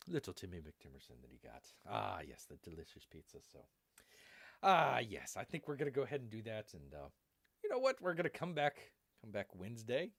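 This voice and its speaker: A man's voice: lowish voice, gravelly, no room sound, clean studio sound. A man rambling casually on a live stream, repeating phrases and joking as he signs off. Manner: rambling, repeats phrases, playful growls and jokes. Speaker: streamer signing off a live show.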